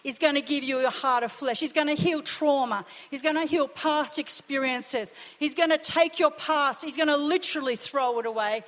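A woman pastor preaches in a high, ringing voice. She drives her points home with urgent repetition. A long reverb hangs after each phrase in the church hall. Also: normal speed, few pauses, fairly bright tone. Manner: impassioned, emphatic preaching with repeated phrases. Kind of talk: sermon.

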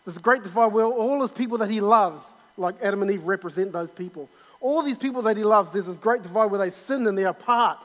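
An eager male preacher delivers a sermon, often repeating himself and restarting his phrases. His voice sits high for a man. The sound rings with the long reverb of a church auditorium. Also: a little fast, fairly bright tone, highs cut off.

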